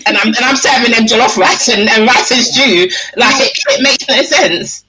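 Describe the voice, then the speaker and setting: A woman's voice: fairly high pitch, normal speed, sharp tone, low-quality recording. A woman guest in a casual book discussion, talking bluntly and with animation.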